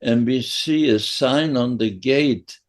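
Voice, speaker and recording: A man in his nineties from Poland, a podcast guest giving a first-person survivor's testimony in a halting, emotional way with many restarts. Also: medium pitch. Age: 90s.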